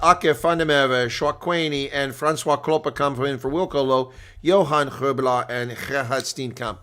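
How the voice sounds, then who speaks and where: A man giving live reaction commentary on a rugby match, chatting to viewers and getting loudly excited on big plays. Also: medium pitch. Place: home setup streaming a reaction broadcast.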